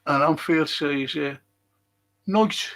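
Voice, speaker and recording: Slow, gravelly man chatting. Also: fairly high pitch, fairly bright tone. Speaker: livestream host reading viewer chat. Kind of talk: casual livestream chat.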